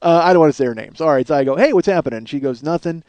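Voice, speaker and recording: Middle-aged guy rambling crude stories on his podcast, self-mocking, kinda high voice. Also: very fast, a little mellow, clear, resonant tone, dry recording. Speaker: podcast host. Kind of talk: rambling solo podcast monologue.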